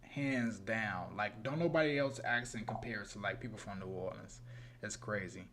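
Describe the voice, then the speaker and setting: A man's voice: fairly low pitch, normal speed, a bit bright, slight background noise. A young man co-hosting a livestream, telling stories in a rambling, laid-back way full of slang. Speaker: co-host of a true crime livestream. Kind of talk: casual livestream chat.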